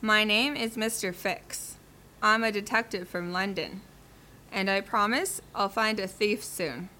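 A woman's voice: medium pitch, measured pace, pushed and bright, a little hiss or hum. A woman voicing a sly, suspicious male detective in a children's cartoon, speaking insinuatingly.

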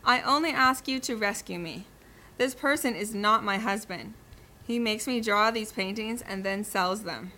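Cartoon: woman as a captive painter, hushed and urgent, bright voice. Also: medium pitch, normal speed, natural voice. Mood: pleading.

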